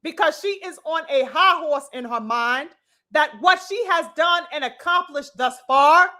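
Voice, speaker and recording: A woman hosts a boxing commentary vlog, delivering an opinionated rant in a very high, pushed, bright voice. She's preachy and mocking, firing off blunt, profane rhetorical questions and calling out to her brothers and sisters.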